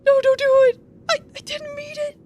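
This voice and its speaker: A woman's voice: extremely high pitch, a little slow, pitched above the performer's own voice. A woman voicing an anxious young man in a game, sobbing and apologizing over and over. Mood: pleading. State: crying. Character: anxious young man, guilt-ridden and tearful.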